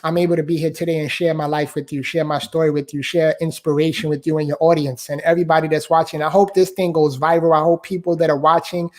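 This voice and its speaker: A man with a fairly high voice tells a personal story as a guest on a live online interview. He talks in a heartfelt way, repeats his phrases and keeps addressing the listener as "man". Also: a little mellow. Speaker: guest author and speaker. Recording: live online talk show.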